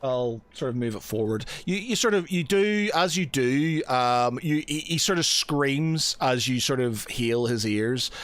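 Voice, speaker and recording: A man's voice: mid-range voice, expressive, unhurried, hardly any pauses, a bit bright, dry recording. A man narrating as game master of a tabletop game, hesitant, with lots of fillers and restarts.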